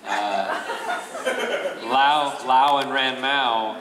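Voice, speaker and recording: Halting man in an echoey hall. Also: medium pitch. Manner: halting, self-deprecating, with many restarts and chuckles. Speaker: voice actor on a convention panel. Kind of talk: panel talk. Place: large convention hall. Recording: echoey hall from far off, crowd noise.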